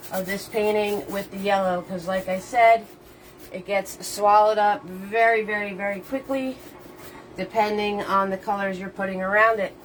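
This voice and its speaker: Over poor audio with a little hiss or hum, a medium-pitched woman leads a live painting lesson. Cheerful and chatty, she greets viewers by name with pet names, laughs frequently between steps, and plays with made-up words.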